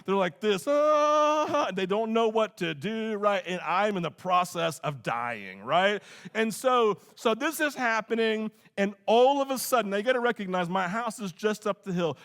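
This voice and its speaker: A middle-aged man preaching a sermon, telling a childhood story in an animated, conversational way and often checking in with "right?". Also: high voice. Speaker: pastor.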